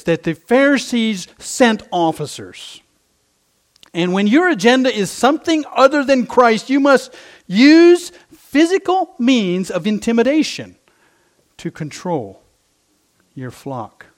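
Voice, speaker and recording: Male pastor, middle-aged, preaching a sermon, high voice, swooping lively delivery, emphatic repetition.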